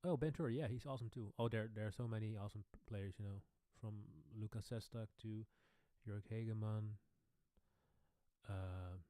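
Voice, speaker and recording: A man, a pianist casually answering questions on his own live stream Q&A, relaxed and rambling. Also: on the low side, moderate pace, clear, resonant tone, dry recording, studio quality. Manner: relaxed, rambling, chuckling asides. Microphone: studio microphone.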